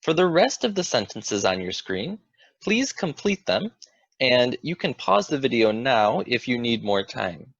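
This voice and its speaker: Lively man teaching grammar, dull dry sound. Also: mid-range voice, measured pace, no echo. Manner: clear, patient explaining that asks the viewer questions. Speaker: English teacher. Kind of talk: teaching a lesson.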